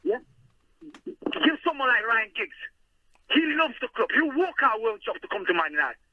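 A man's voice: very high-pitched, sing-song, normal speed, dry recording, dull audio. An upset man, ranting as a caller on a phone-in show, repetitive, swearing and close to tears. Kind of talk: angry fan phone-in rant.

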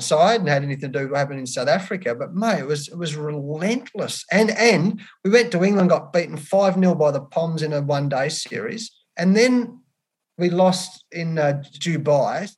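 Earnest Australian man, fairly high voice. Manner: earnest, frank, calls the host mate. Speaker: cricket coach, guest. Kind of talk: candid interview storytelling.

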